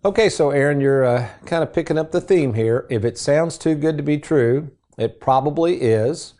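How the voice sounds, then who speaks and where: A middle-aged man hosting a financial radio show, telling folksy stories in a casual, animated way. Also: a little high, moderate pace. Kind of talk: casual radio chat and storytelling.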